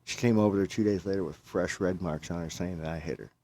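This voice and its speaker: Talking fast in a deep, dark voice, a man rambles through a lengthy personal story in casual conversation. He repeats himself a lot and keeps quoting himself.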